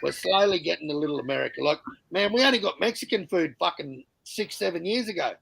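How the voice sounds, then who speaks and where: A man's voice: on the high side, animated, fast, vocal fry, a bit bright, breathy edge, no room sound, rough recording. A man with an Australian accent in casual chat, rambling and laid-back, swearing freely. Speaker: panel guest.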